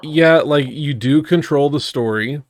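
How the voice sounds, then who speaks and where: A young man co-hosting a podcast who talks casually and quickly, with frequent swearing. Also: a little high. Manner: swears casually, fast and animated. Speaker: podcast co-host. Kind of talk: casual chat.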